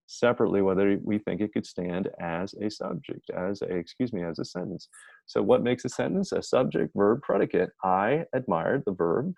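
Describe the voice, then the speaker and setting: A man gives an informal writing lesson, reading example sentences aloud and correcting himself as he goes. His voice sits a little low and mellow. The recording sounds dull and lo-fi, with a dry, close sound. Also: vocal fry, dry recording. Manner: chatty, self-correcting, reads examples aloud. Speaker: writing teacher. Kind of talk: informal grammar lecture.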